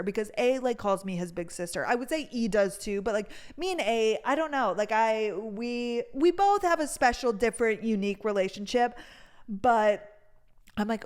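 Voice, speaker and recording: A young woman rambles through a story in loose, casual podcast chat. She leans on fillers at every turn and swears freely, and her voice sits at an ordinary middle pitch. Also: normal speed. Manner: chatty, fills with "like", swears freely. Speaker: podcast host.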